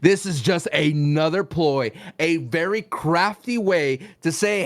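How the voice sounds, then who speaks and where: A man's voice: a little high, measured pace, hardly any pauses. A man co-hosting a casual wrestling podcast, joking and laughing often, with exaggerated comic outbursts. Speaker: podcast co-host.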